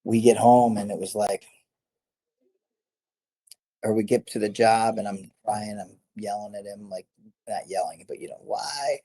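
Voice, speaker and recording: Low, husky-voiced man telling stories. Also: unhurried, pauses often, dark tone. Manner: rambling, self-correcting, laughs often. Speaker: guest, former MMA fighter. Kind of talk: casual storytelling interview.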